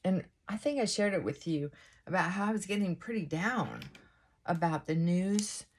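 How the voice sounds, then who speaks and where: A woman hosting a casual get-ready-with-me vlog, reflecting out loud and often asking rhetorical questions. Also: on the low side, normal speed, a little hiss or hum. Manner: musing, asks many rhetorical questions; thinking aloud with frequent restarts and asides. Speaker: vlog host. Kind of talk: casual reflective monologue while getting ready.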